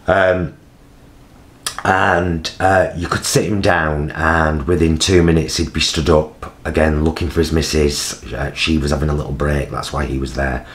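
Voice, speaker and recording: A man, telling a personal story in a vlog, halting with many fillers and acting out other people's voices. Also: level tone, fairly bright tone. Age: 50s. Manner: acts out voices of people in his story with big jumps in pitch. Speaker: vlogger.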